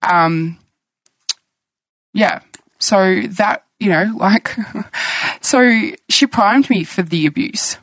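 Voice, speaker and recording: A woman's voice: medium pitch, very slow, pauses often, a bit bright, dry recording, poor audio. A woman in her thirties speaking candidly as a guest, telling her own story in a reflective way. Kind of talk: personal conversation.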